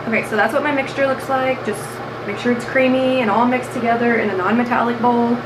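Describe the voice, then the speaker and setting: A woman's voice: on the high side, steady tone, a little fast, noisy background. A young woman in a casual vlog, talking in an anxious, rambling way with lots of fillers. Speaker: vlogger.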